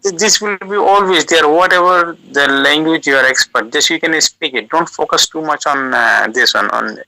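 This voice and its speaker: A man whose first language is South Asian talks through an audio call in a sharp, forceful voice. He goes slowly and haltingly, filling gaps with uh and restarting phrases. The sound is dry and close. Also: a little high, no room sound, low-quality recording. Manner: slow, halting, many uh fillers and restarts. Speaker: guest giving language advice. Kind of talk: casual advice over an audio call. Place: lives in the United Kingdom.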